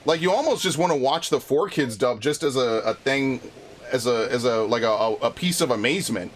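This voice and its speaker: A man's voice: mid-range voice, expressive, fairly quick, a little hiss or hum. A man streaming a video game, chatting casually in a rambling, frustrated way, swearing often and restarting his sentences. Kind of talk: casual live-stream chat while playing.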